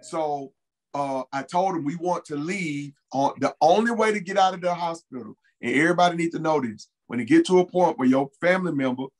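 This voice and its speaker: A man's voice: on the high side, brisk, poor audio. A man as an interview guest, telling a personal story in a casual, earnest way and repeating key phrases for emphasis.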